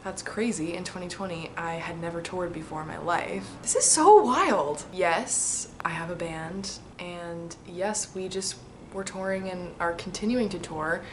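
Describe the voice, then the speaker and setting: A woman's voice: lowish voice, measured pace, a little hiss or hum. Chatty young woman reading her old letter. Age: 20s. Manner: chatty, excitable, reflective, frequent laughs. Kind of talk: casual vlog, reading aloud and answering.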